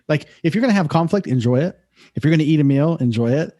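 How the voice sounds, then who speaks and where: A man's voice: a little high, animated, fast talker, dark tone. A man hosting a podcast, talking in a reflective, affirming way. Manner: affirming, reflective, often says "beautiful". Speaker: podcast host. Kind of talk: conversational podcast interview.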